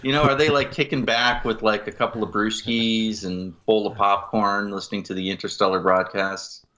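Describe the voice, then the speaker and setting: A man's voice: lowish voice, fairly even intonation, moderate pace, sharp tone, muffled recording. A man co-hosting a podcast in casual chat, joking and riffing with frequent laughs. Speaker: podcast co-host.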